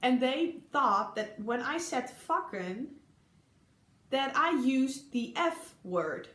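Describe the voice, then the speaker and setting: A young Dutch woman with a Dutch accent vlogs to camera in an echoey room, recalling funny stories from her exchange year. Her voice is high-pitched, animated and fairly bright, though she takes it slowly, and she's chatty and giggly with many ums.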